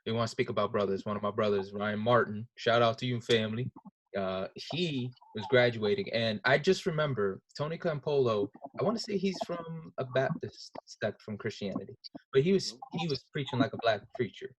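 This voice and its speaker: A man's voice: mid-range voice, a little fast, slight background noise. A man hosting an interview, chatting conversationally and telling stories with quoted asides. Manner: animated storytelling with quoted asides. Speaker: interview host.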